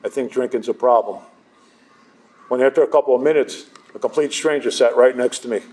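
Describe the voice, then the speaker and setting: A man's voice: mid-range voice, brisk, warm tone. Man telling his recovery story, joking. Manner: conversational, self-deprecating humor. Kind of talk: storytelling talk to a live audience. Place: hall with a live audience.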